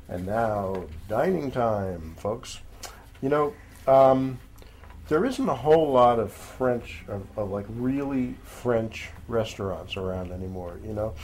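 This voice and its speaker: A man with a somewhat low voice chats informally about what to do, as a magazine editor. He rambles, fills gaps with ums and you-knows, and calls listeners folks. A faint background noise sits under the recording. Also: a little mellow. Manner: chatty and rambling, many fillers, addresses listeners as folks. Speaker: magazine editor giving weekend picks. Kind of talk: casual spoken recommendations.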